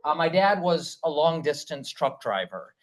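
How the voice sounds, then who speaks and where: A man's voice: on the high side, sing-song, a little slow, poor audio. A middle-aged man from Michigan, a candidate giving a conversational campaign speech at a party meeting, often adding "right?" and restarting his phrases.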